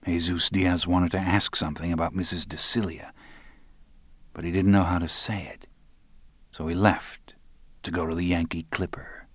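Male audiobook narrator, very deep voice, dry close sound, understated. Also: flat delivery, normal speed, long pauses, breathy edge, dry recording. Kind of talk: scripted narration.

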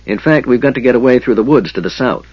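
A man voicing a weary, resolute male half-elf leader in an audiobook, speaking firmly and curtly with a husky voice. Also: mid-range voice, animated, fast talker, no room sound, lo-fi sound, pitched above the performer's own voice. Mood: grim. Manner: firm, grim, curt.

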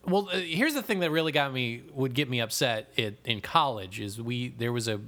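This podcast co-host talks at normal speed in a mid-range voice with a nasal American Midwestern accent. He's animated in the casual back-and-forth, laughing and cursing freely.

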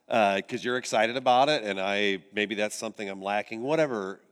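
A man interviewing a guest on stage, asking relaxed questions with some restarts. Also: on the low side, fairly quick, clean tone. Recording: reverberant hall sound.

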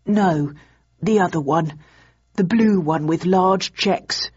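A woman putting on a gentle, absent-minded old male inventor for a storybook reading, his husky voice dropped low and drawn out slowly. The recording sounds dull and lo-fi. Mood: calm. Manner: slow, measured and mild.

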